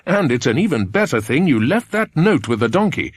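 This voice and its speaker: A man voicing a cheerful, confident grown man who tells his tale briskly, in an audiobook. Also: a little high, big pitch swings, dry recording, clean studio sound, voice pushed up. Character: cheerful, confident adult man, kindly friend. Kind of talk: audiobook character voice.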